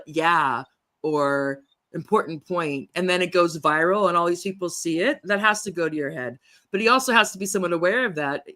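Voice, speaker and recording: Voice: mid-range voice, bright, forceful tone. A host running a political interview over a video call, rambling with many fillers and frequent laughs.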